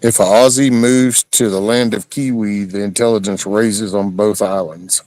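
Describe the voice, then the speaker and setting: A man's voice: lowish voice, fairly even intonation, normal speed, darkish tone. A male livestream host chatting casually, reading chat comments aloud and teasing his guest.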